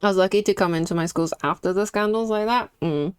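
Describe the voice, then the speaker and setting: A woman's voice: medium pitch, fast talker, clear, resonant tone, dry recording. A young woman streaming while she draws, chatting candidly and reacting to her chat. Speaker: streaming artist.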